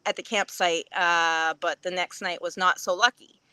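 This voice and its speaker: A woman's voice: on the low side, fairly even intonation, moderate pace, bright, forceful tone, clear, resonant tone, dry recording. A woman chatting casually on a podcast, telling a funny story and acting out quotes with big jumps in her voice and frequent laughs. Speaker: podcast guest.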